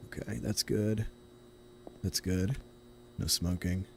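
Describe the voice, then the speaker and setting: Taking it slowly, a young Tennessean with a low, creaky voice and fairly even intonation plays a horror game live. His casual commentary rambles as he thinks aloud and backtracks on himself. There's slight background noise.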